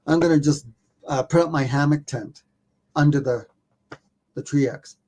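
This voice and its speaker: A man, a documentary filmmaker, telling a story as a podcast guest in a casual, animated way, poking fun at himself and swearing offhandedly. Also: fairly high pitch, moderate pace.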